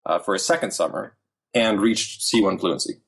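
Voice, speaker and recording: A podcast guest in his thirties tells animated stories in casual chat, full of fillers and restarts. His voice is on the low side, husky with vocal fry, at a moderate pace.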